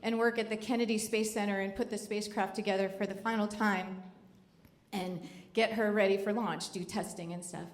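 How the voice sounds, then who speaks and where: A woman's voice: mid-range voice, fairly even intonation, fairly quick. A middle-aged woman telling a true story on stage to a live audience, in a wry, conversational, joking way. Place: live venue before an audience. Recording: echoey live hall.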